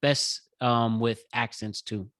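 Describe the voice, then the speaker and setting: A man hosting a podcast, talking calmly and encouraging his guest. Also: mid-range voice, takes it slowly, no echo. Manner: calm, encouraging. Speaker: podcast host. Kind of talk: casual interview chat.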